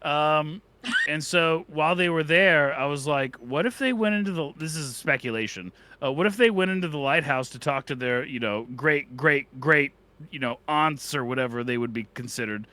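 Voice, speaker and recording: A man's voice: fairly high pitch, moderate pace, bright, forceful tone, dry recording. A man co-hosting a podcast, telling a silly story that rambles and keeps slipping into character voices. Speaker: podcast co-host. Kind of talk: comedic storytelling. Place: away from the studio.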